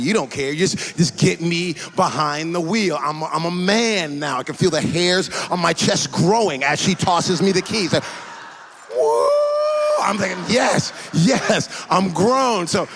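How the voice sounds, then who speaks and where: A man preaching a sermon as a pastor, telling personal stories with animated delivery and frequent repeated starts. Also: on the high side, creaky. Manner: animated storytelling with many restarts.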